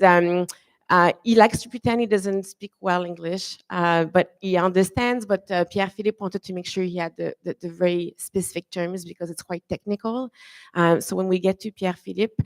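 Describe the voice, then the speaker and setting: A woman moderating a conference panel, chatty and warm to her guests, with many fillers and restarts. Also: on the low side, vocal fry, no room sound. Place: conference room.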